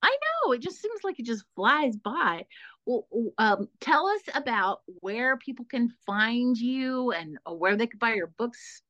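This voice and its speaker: A woman's voice: a little high, expressive, a little slow, pushed and bright, dry recording, dull audio. A woman from Texas hosting a casual interview, bubbly and full of filler words. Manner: bubbly, lots of "like" and restarts. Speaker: podcast host.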